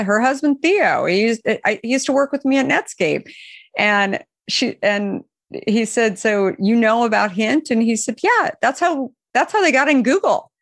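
A woman founder being interviewed, who tells long anecdotes full of fillers and restarts and raises her pitch when she quotes other people. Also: dry recording, studio quality. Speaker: company founder, guest. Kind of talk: interview storytelling.

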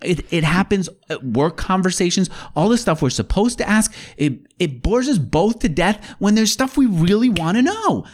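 Animated, lively-voiced man explaining. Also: high voice, normal speed, hardly any pauses. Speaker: interview guest, author.

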